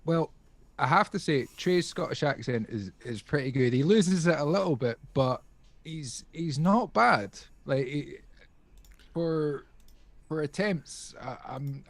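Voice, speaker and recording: A man's voice: medium pitch, lively intonation, measured pace, dry recording. Rambling, jokey male podcast co-host. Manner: rambling, jokey, many fillers. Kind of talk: casual livestream chat.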